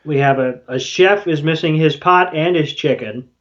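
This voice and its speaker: Higher-voiced man recapping on a podcast. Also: normal speed. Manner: loose and swearing, quoting characters in passing. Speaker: podcast co-host. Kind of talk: casual episode recap chat. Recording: dull lo-fi audio.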